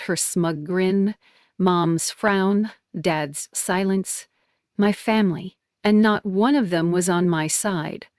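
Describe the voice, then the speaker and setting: A woman's voice: on the low side, no room sound, clean studio sound. A woman narrating a dramatic first-person story with emotional intensity.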